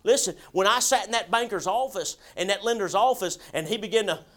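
A man preaching a sermon in a folksy, emphatic way, with shouts at times. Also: high voice, a little fast. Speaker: pastor.

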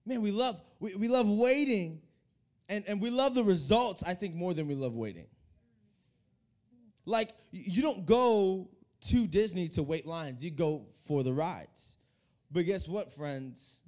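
A young male preacher with a mellow, warm voice and a fairly high pitch, talking straight to his congregation. He speaks with lively energy and often repeats words as he builds each point. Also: measured pace. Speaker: youth pastor. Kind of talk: energetic sermon. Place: church hall.

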